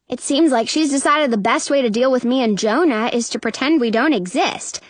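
A woman narrating a children's story in the first person, with a lively, sassy young narrator's voice. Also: sits high, normal speed, no echo. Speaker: audiobook narrator.

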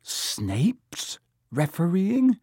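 A man's voice: mid-range voice, big pitch swings, moderate pace, warm tone, slightly rough, no room sound, studio quality, pitched above the performer's own voice. A man voicing an indignant teenage boy who splutters in protest. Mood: outraged. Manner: spluttering, outraged.

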